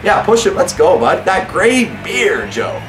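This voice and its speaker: A young man with a fairly high voice gives let's-play commentary on his gaming channel. He swings his pitch wide and sounds sarcastic, often griping at a coach in the game, while soft music runs behind him. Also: very animated, measured pace, reverberant.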